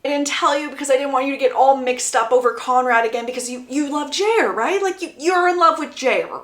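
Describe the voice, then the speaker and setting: A woman's voice: high voice, fairly quick, echoey room. A woman casually retelling a book's plot, chatty and acting out the quotes. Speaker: book summary creator.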